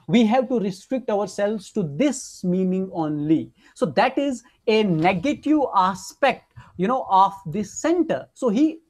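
A woman's voice: mid-range voice, a little mellow. Woman lecturing with frequent fillers. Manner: explanatory, frequent "you know" fillers. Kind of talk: academic webinar lecture. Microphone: online webinar microphone.

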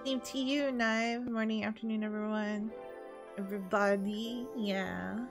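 A woman's voice: medium pitch, steady tone, measured pace, over music. Chatty young woman streaming a game. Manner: chatty, laughs often, greets chat. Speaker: VTuber streamer. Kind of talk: casual game-stream chat.

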